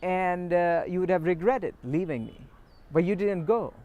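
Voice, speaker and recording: A man voicing a calm, wise old hermit who patiently explains a lesson. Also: high voice, unhurried.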